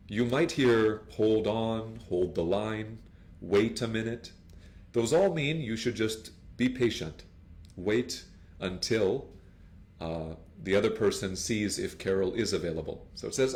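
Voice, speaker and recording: A man teaching English, explaining phone phrases and acting out example calls in playful higher voices. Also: moderate pace. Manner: animated, acts out phone dialogues with higher put-on voices. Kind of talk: lively classroom explanation with acted example dialogues.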